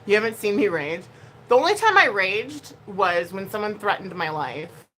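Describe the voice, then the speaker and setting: A woman YouTuber talking casually to her camera in an animated, expressive way, moving between quiet asides and loud bursts. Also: mid-range voice, moderate pace, slight background noise, rough recording.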